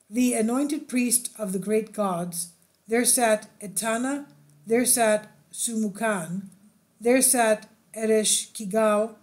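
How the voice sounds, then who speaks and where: A woman reading an ancient epic aloud in slow, measured recitation, with solemn repeated lists. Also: a little high, a little mellow. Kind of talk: scripted narration.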